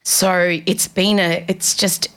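A woman's voice: lowish voice, little pitch movement, takes it slowly, noisy background. A woman hosting a podcast, telling self-mocking stories in a casual, comedic monologue from a studio. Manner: chatty, self-mocking storytelling. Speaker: podcast host.

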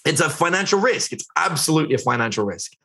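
A man's voice: fairly high pitch, big pitch swings, fast talker, creaky, sharp tone. A middle-aged man teaching business in a live webinar, chatty, filling his talk with "like" and "right?" and putting questions to his viewers. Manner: chatty, asks the chat questions, lots of "like" and "right?". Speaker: online business instructor.

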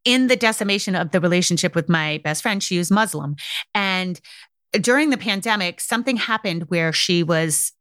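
A middle-aged woman hosting a podcast, talking frankly in a candid monologue and acting out quoted lines with sudden jumps in pitch. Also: animated, normal speed, fairly bright tone, no room sound, clean studio sound. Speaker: podcast host.

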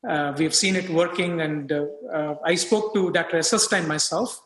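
Man in his 30s, physician guest, high bright voice, halting with fillers, roomy long reverb. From India. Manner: halting, many fillers and restarts. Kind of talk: casual interview talk. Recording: echoey room with long reverb.

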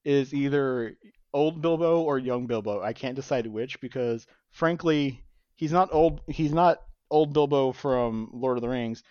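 A man's voice: medium pitch, measured pace, darkish tone, clean tone, no echo, muffled recording. A man co-hosting a podcast, riffing on jokes in casual chat and laughing often. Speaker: podcast co-host.

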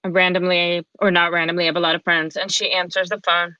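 A woman's voice: fairly low pitch, level tone, quick pace, bright, forceful tone, clean tone, no echo, dull audio. A woman guest on a podcast who tells a personal story in a candid, chatty way and acts out the dialogue she quotes. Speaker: podcast guest, author and coach.

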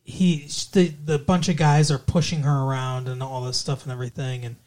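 A man's voice: mid-range voice, level tone, moderate pace, darkish tone. A man co-hosting a podcast, casually recapping a movie plot in a rambling way, full of fillers and swearing. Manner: rambling, swears freely, filler-heavy retelling. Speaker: podcast co-host.

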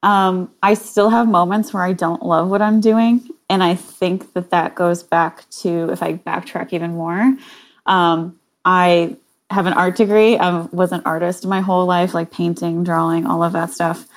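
A woman's voice: lowish voice, steady tone, measured pace. A woman guest photographer talking casually in an interview, chatty and giggly with lots of fillers.

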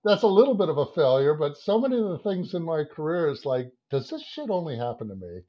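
A fifties-aged ad creative director, speaking as a podcast guest, recounts a lengthy story with animated delivery, cursing and performing his inner monologue. His slightly high voice moves fast. The sound quality is dull lo-fi.

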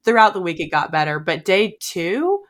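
Low-voiced young woman podcast host. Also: moderate pace. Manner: relaxed, descriptive recapping. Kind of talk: casual podcast chat.

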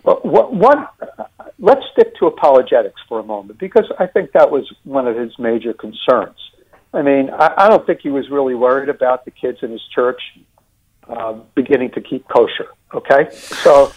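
A man with a New York accent, discussing and critiquing a sermon series in a deliberate way with many fillers and restarts. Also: medium pitch, expressive, breathy edge, muffled recording.

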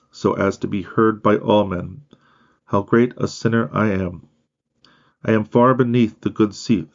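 A man reading the words of a humble, pious dying nun in a slow, hushed, prayerful way. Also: on the low side, vocal fry, dull audio.

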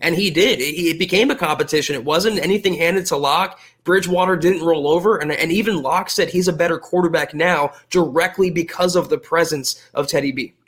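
A man co-hosting a casual sports podcast, a sports writer talking in a measured way with small restarts. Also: on the high side, fairly bright tone.

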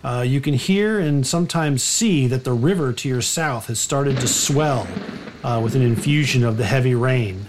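A man's voice: mid-range voice, moderate pace, a little hiss or hum. A man narrating a tabletop game as game master, loose and rambling, full of fillers.

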